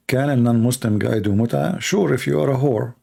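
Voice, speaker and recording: A hoarse man hosts a live Q&A stream in non-native English, arguing through rapid rhetorical questions. His voice is gravelly and husky, with a dark, mellow tone. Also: medium pitch. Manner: argumentative, fires rhetorical questions. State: hoarse, coughing. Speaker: debate livestream host.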